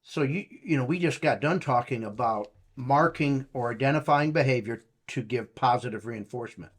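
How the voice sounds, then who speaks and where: A man's voice: mid-range voice, normal speed. A man hosting an interview, summing up his guest's points with hesitant fillers and restarts. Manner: hesitant, rephrasing questions with fillers. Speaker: interview host. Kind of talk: conversational interview.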